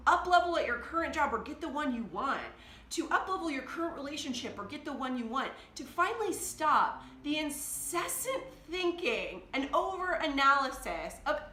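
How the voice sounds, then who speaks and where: A woman's voice: high voice, bright, forceful tone. A woman life coach talking candidly to her device, emotional and blunt, often laughing as she speaks. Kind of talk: candid confessional vlog. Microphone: phone or camera device. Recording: roomy echo.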